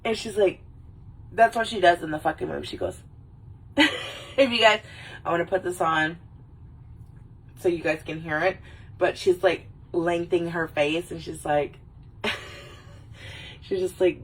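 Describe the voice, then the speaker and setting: A woman's voice: fairly low pitch, unhurried, pauses often, husky. A woman hosting a casual livestream, rambling about movies, laughing and swearing as she goes. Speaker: livestream host. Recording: voice a little far from the mic.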